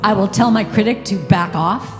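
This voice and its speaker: A woman's voice: medium pitch, moderate pace. Woman guiding a congregation in a reverberant hall. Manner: warm, encouraging, call-and-response. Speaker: guest singer and speaker. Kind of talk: leading a congregation in affirmations. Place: church sanctuary. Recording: reverberant hall with live music.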